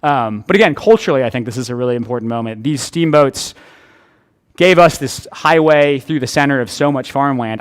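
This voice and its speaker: A man's voice: mid-range voice, clear, resonant tone. A man giving a public history lecture as an author, conversational and thinking aloud, with frequent restarts.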